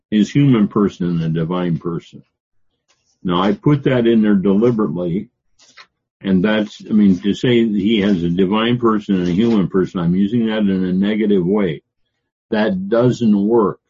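An older man teaching a Bible lecture, pausing often on fillers as he explains word meanings. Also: fairly low pitch, dark tone, breathy edge. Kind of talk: classroom theology lecture. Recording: dull lo-fi lecture recording.

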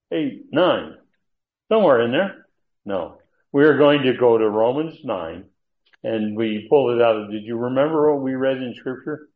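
A man teaching an expository sermon on Bible passages, emphatic and stressing key words, with asides and restarts. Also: mid-range voice. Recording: tinny phone-like sound.

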